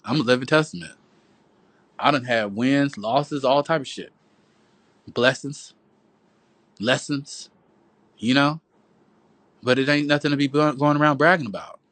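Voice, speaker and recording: A man preaches into his phone on a livestream, swearing freely and repeating himself as he lectures his viewers. His voice sits at a middle pitch and sounds close and dry, with no room around it. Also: bright, forceful tone, dry recording. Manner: profane, preachy, repetitive, calls listeners "boo" and "y'all". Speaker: livestream host. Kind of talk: rambling preachy livestream monologue.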